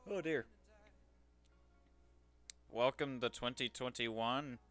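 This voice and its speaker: Chatty man streaming, bright voice. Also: medium pitch, slow pace, soft background music. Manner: chatty, self-deprecating, talks to himself while working. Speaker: streamer doing 3D modeling commissions. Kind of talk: casual livestream commentary.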